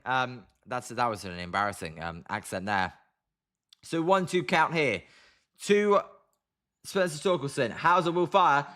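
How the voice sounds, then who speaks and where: A British man commentating a baseball game on a live stream, calling pitches and chatting with viewers by name. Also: bright, forceful tone. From Britain. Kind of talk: casual live play-by-play and chat reading.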